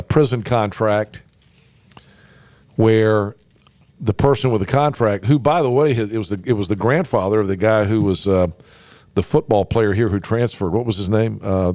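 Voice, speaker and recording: A man's voice: on the low side, darkish tone, no echo. A man hosting a political talk radio show, emphatic and folksy, with lots of fillers and restarts. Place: radio studio. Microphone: studio microphone.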